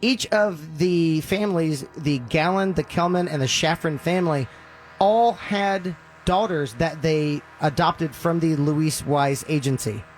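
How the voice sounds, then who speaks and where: Guy telling a wild story to his buddies, kinda high voice, lots of uhs, some music faint in the back. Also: a little slow. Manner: animated retelling, with filler ums and uhs. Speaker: podcast host telling a story. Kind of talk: casual storytelling among friends.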